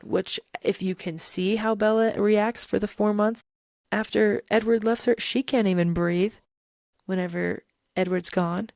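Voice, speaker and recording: A woman's voice: mid-range voice, steady tone, a little slow, vocal fry, a little mellow, no room sound. A young woman hosting a podcast, giving emphatic, casual commentary and pressing her points with rhetorical questions. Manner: emphatic, rhetorical, keeps asking "right?" and "okay?". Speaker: podcast host. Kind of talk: casual commentary on song lyrics.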